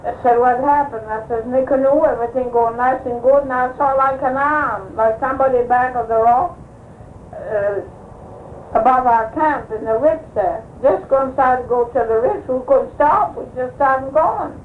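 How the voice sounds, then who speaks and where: Older woman, high voice, meandering storyteller who performs the dialogue; echoey archival room tape. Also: moderate pace, darkish tone, a little hiss or hum. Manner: rambling anecdotal telling, acting out quoted speech. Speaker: oral history interviewee. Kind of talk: recounting old personal stories.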